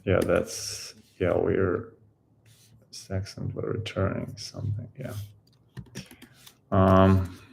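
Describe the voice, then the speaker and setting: A man with a very low, gravelly voice talks his way through code at an unhurried crawl. He muses and halts often, trails off into fillers and picks the thought back up. Keyboard typing sits behind him. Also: monotone, darkish tone, a little hiss or hum. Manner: halting, musing, many pauses and fillers. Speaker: coding tutorial host. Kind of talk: thinking aloud while coding.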